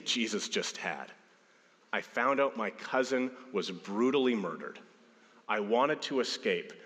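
A man's voice: lowish voice, a bit bright. A man in his thirties preaching a sermon as a pastor, telling stories and acting out quotes with a raised voice. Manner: storytelling, acts out quotes with a raised voice. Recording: long hall reverb.

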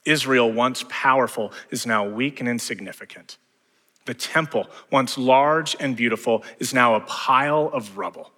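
A male pastor preaches with a bright, forceful tone. He swells to fervent emphasis and then sinks to near-hushed phrases. His voice carries a long reverb, as if he is in a large hall. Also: mid-range voice, moderate pace. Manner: builds to fervent emphasis, drops to hushed lines. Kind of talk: sermon.

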